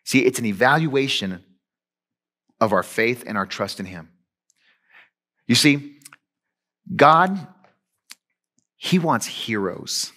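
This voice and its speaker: A man preaching a sermon as pastor, conversational and animated, swinging between emphatic and hushed delivery. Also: mid-range voice, takes it slowly, long pauses.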